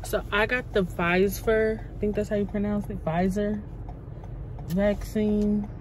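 A woman's voice: medium pitch, fairly even intonation, measured pace, a little mellow, low-quality recording. A woman, talking casually and dramatically to her viewers in a vlog, sounding tired. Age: 20s. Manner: chatty and dramatic, often calling out to viewers. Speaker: vlogger. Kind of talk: casual vlog talk to camera. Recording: phone video with car noise.

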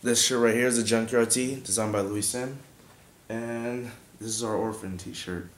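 A man's voice: on the low side, steady tone, moderate pace. Laid-back young man teaching beatbox. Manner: chatty, laid-back, demonstrates mouth sounds. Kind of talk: casual video tutorial.

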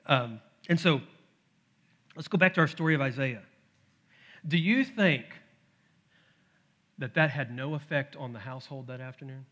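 A middle-aged man preaching a sermon, telling a family story with lively acted-out voices. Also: mid-range voice, lo-fi sound. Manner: animated storytelling, acts out his toddler's shouts. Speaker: pastor. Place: church sanctuary.

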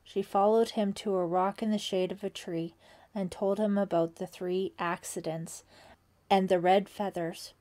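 A woman narrating an audiobook in a steady, expressive reading. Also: mid-range voice, measured pace. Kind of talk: scripted narration.

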